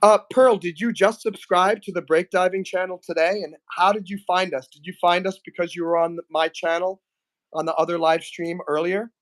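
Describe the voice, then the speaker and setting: A man hosting a casual live stream, reading out chat messages and talking to a guest, often clearing his throat. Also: high voice, fairly even intonation, normal speed, a bit bright. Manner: chatty, reads chat aloud, frequent throat clearing.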